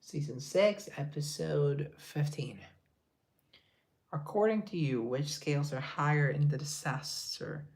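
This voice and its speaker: Slow-talking man answering live chat. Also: on the high side, creaky, a little mellow. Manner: reads chat aloud, drops into whispered asides. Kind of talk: casual live-stream chat.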